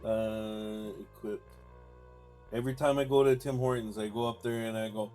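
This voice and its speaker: A man's voice: on the low side, steady tone, moderate pace, mellow, soft background music. A young man, chatting casually while streaming a game live and reading chat aloud. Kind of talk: live gameplay commentary.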